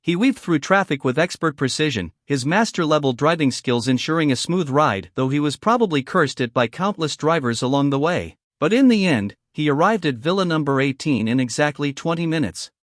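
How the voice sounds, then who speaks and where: Male recap narrator with an animated, slightly high delivery. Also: a little fast, few pauses, no echo, studio quality. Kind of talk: scripted story narration.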